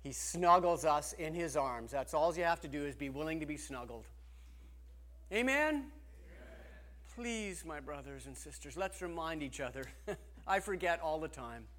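A man's voice: a little high, animated, moderate pace, fairly bright tone. A man preaching a sermon as pastor, talking earnestly and conversationally, often restarting his sentences.

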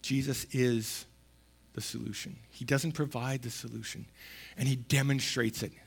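With a mid-range voice that is slightly rough and carries vocal fry, a pastor speaks at normal speed with fairly even intonation. He delivers his sermon conversationally and emphatically, repeating words for stress, reading scripture aloud, and building to loud stresses.

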